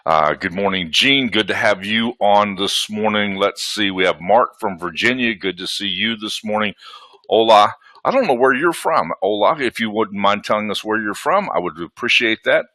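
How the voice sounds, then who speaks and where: A man's voice: fairly low pitch, normal speed, sharp tone, no echo. A man with a Southern US accent hosting a live webinar from home, chatting in a folksy way and greeting attendees by name. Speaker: webinar host.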